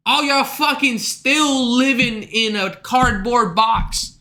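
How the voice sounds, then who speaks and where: A high-pitched man with a bright, sharp voice rants to his stream chat. He talks in a loose, profane, exasperated ramble. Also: takes it slowly. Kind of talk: casual ranting to chat.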